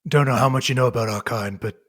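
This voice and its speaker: A man voicing a shady male wererat gang boss who talks slowly and bargains with quiet menace. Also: mid-range voice, close to an everyday voice. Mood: scheming. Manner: slow, dealmaking menace.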